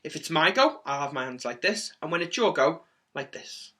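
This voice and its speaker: A man teaching a singing lesson for children, his voice pitched a little high with a bright, forceful edge. He talks clearly and encouragingly, keeping the energy up as he coaches. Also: animated, moderate pace. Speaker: music teacher.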